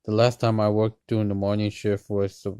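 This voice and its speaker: A man's voice: on the low side, flat delivery, brisk, smooth, no room sound. Tired, hesitant man vlogging. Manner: hesitant, many ums and restarts, soft-spoken. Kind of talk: casual personal vlog.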